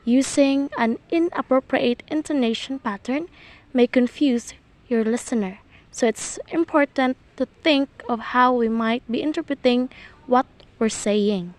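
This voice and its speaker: A woman's voice: a little high, a little slow, poor audio. A young woman student reading her section of a class presentation, her sentences trailing off at the ends.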